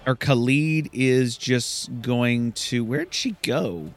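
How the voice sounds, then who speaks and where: A man casually narrating a fantasy game he is playing, excitable and swearing at setbacks. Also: medium pitch, slow, soft background music. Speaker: gamer. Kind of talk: let's play commentary.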